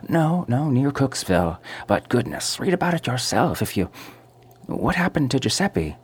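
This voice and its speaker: Guy doing a high-pitched gossipy old housekeeper lady, sharp and chattery, storybook reading. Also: sing-song, moderate pace, husky. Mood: excited gossip. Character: excitable gossipy older woman housekeeper.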